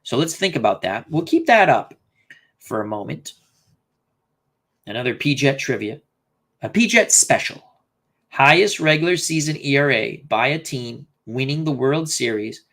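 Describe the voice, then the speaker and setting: A man's voice: mid-range voice, animated, normal speed, a bit bright. A man hosting a casual live stream, thinking aloud and reading out viewer comments. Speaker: host.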